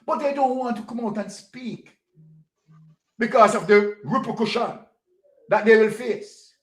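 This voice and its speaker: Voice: mid-range voice, unhurried, fairly bright tone. A political commentator with a Jamaican accent, ranting passionately, repeating points and firing off rhetorical questions. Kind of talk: impassioned political vlog rant. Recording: roomy echo.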